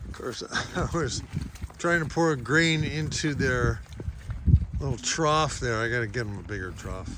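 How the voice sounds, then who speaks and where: A man, a sheep farmer, chatting relaxed in a casual farm vlog outside in a pasture, talking to his animals, recorded on a handheld camera. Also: mid-range voice, a little slow. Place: outdoor pasture among solar panels. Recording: noisy outdoor recording.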